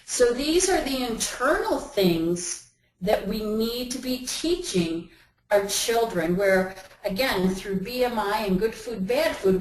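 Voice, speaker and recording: A woman giving a webinar talk in a conversational way, acting out everyday inner voices as she explains. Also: mid-range voice. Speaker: webinar presenter. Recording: roomy echo.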